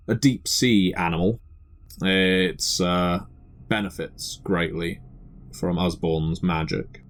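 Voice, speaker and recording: Deep, slow-spoken man as game master. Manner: measured, descriptive narration with some fillers. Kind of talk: narrating a tabletop game.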